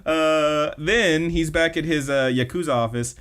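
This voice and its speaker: A man's voice: fairly high pitch, measured pace, fairly bright tone, clean tone. Rambling man recapping an anime. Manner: rambling, filler-heavy retelling. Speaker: podcast co-host. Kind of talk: casual anime recap chat.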